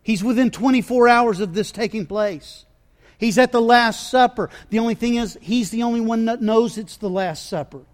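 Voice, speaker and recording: A male pastor preaching a sermon, swinging from hushed, low lines to loud, shouted ones, with repeated stammering restarts. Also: normal speed.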